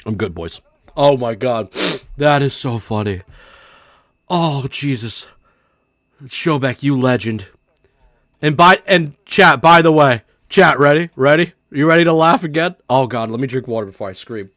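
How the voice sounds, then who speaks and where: A man's voice: medium pitch, lively intonation, a little slow, a bit bright, no echo, studio quality. A man giving casual live-stream commentary to his chat, laughing hard and swearing as he reacts to a clip, at a desk microphone in his home setup. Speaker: livestreamer.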